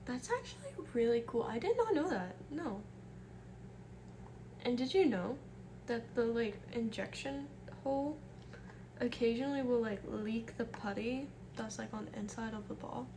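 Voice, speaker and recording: Young woman streamer, somewhat high voice, gentle and soft-spoken, casual chat with viewers, faint room ambience behind. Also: lively intonation, moderate pace, a little hiss or hum. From American Midwest. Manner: soft-spoken, greets viewers by name, reads chat messages aloud.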